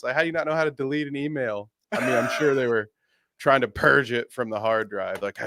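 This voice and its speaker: A man's voice: mid-range voice, moderate pace, no room sound. A man co-hosting a podcast in casual chat, sarcastic and joking. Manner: sarcastic, animated. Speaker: podcast co-host.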